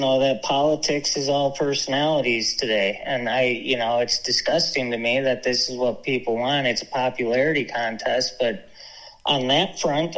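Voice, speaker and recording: Man, medium pitch, talk radio guest, hesitant, lots of ums, dull lo-fi audio. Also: fairly bright tone. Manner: hesitant, many ums and restarts. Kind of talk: casual political talk. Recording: dull lo-fi sound.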